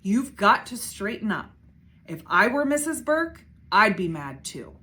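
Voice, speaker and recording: A woman voicing a stern, tired father giving a firm, measured lecture in a storybook read-aloud. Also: medium pitch, very animated, pushed and bright.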